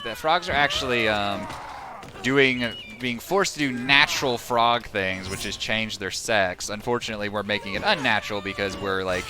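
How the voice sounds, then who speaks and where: A man live-streaming a video game, chatting casually with viewers, sarcastic and often swearing at the game. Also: fairly low pitch. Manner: sarcastic, profane, rambling asides to chat. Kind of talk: casual gaming commentary. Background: game music and sound effects.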